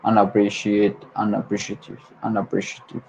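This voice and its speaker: Low-voiced guy, arabic native, livestreaming english word practice, keeps repeating words, faint hiss in the background. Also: completely flat delivery, normal speed, creaky, a little mellow, dull audio. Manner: repeats words over and over, stumbles and corrects himself. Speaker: language learner hosting a livestream. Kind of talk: solo livestream vocabulary practice.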